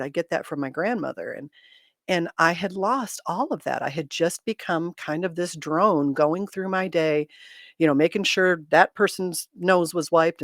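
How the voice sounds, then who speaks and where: A woman's voice: low voice, dry recording, clean studio sound. A middle-aged woman hosting a casual livestream chat, speaking candidly with self-deprecating humor and reading viewer comments aloud.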